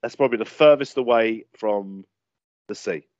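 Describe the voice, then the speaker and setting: A young man chats in an easygoing way and laughs along. His voice sits fairly low. The audio is dry and a bit lo-fi. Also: normal speed, darkish tone, no echo. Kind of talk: casual chat.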